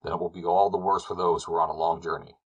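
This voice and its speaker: A man voicing a sly, glib wandering peddler with a foreign manner in a storybook reading, speaking with smooth, persuasive patter. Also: low voice, little pitch movement, fast talker, dull audio.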